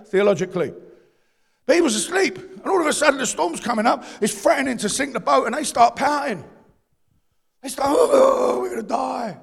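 London man preaching, very high gravelly voice, bursts into shouts then drops low, long hall echo. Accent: London English. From East London, England. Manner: impassioned, swings from shouting to low confiding talk; down-to-earth street slang. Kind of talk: sermon. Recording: long reverb of a large hall.

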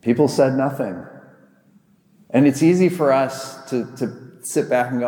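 Pastor guy preaching, chatty and joking, warm low-key tone, big echoey church. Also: unhurried. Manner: conversational, humorous retelling of a Bible story. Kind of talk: sermon. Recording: echoey hall with long reverb.

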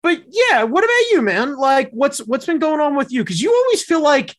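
A man's voice: very high-pitched, sing-song, normal speed. A man co-hosting a casual chat over a video call, talking emphatically with lots of swearing and repeated pleading. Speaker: podcast co-host.

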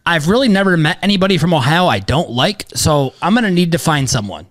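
Casting: man, thirties, podcast host, fairly high voice, rambling and excitable, swears casually. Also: fast talker. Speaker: podcast host, sports bettor.

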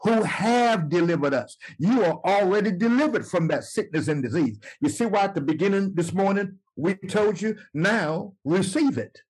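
A man preaching and teaching from the Bible, emphatic and slow to repeat scripture lines. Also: sits high, lively intonation, a little mellow, husky, poor audio. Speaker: apostle and preacher.

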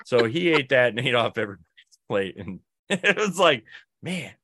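A man's voice: medium pitch, very animated, brisk, a bit bright, no room sound, studio quality. A young man co-hosting a podcast in casual chat, telling rambling stories and acting out his friends' lines. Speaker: podcast co-host.

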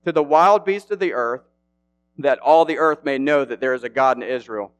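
A man preaching a casual, animated sermon in an easygoing, slang-filled way. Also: mid-range voice, normal speed, clean tone, highs cut off.

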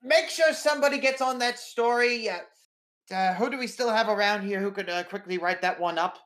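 A man voicing a gruff, cigar-chomping newspaper editor who is blustery and excitable. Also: fairly high pitch, normal speed, voice pushed up. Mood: barking orders.

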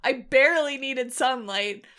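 A woman co-hosting a casual chat, telling stories animatedly, swearing freely and acting out quotes. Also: high-pitched. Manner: animated, swearing, quick storytelling with acted quotes. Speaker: podcast co-host.

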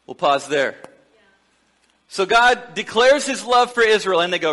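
A man preaching a sermon as pastor, lively and joking, acting out the dialogue of the people he describes. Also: high-pitched, measured pace, long pauses, long reverb tail. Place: church sanctuary.

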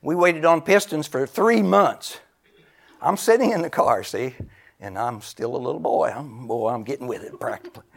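A man in his seventies preaching a sermon, exclaiming loudly, laughing between phrases and dropping to a near whisper for emphasis. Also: medium pitch, lively intonation, normal speed, vocal fry. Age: 70s.

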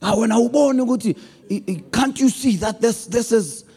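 Man, preacher, high husky voice, animated, loud emphasis, hushed asides. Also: a little slow, long reverb tail. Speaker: pastor. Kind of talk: sermon on relationships.

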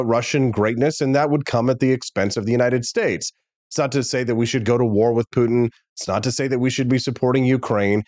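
A male talk show host delivering an animated, opinionated monologue straight to viewers. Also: mid-range voice, no echo.

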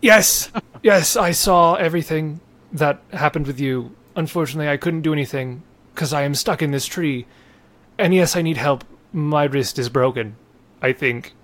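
A man doing a stranded merchant, high and pleading. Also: normal speed, fairly bright tone, lightly acted. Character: stranded male merchant stuck up a tree, pleading.

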